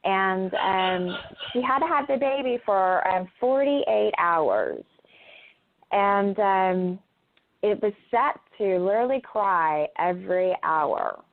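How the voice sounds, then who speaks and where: A middle-aged woman is a guest in a casual phone interview, speaking hesitantly and filling gaps with lots of filler sounds. Her medium-pitched voice is gravelly and sing-song, and she talks slowly over a tinny phone line.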